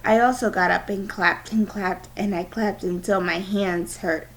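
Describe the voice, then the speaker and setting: A woman's voice: medium pitch, fairly even intonation, measured pace, poor audio. A woman teacher with a cold reading a novel aloud to her class, with small stumbles. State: has a cold.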